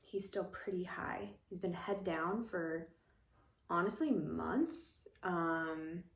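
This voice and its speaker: A woman's voice: fairly low pitch, slow pace, reverberant. A young woman chatting casually in a rambling, filler-heavy vlog at home, a little out of breath. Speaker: vlogger. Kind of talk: casual pregnancy vlog chat. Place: room at home.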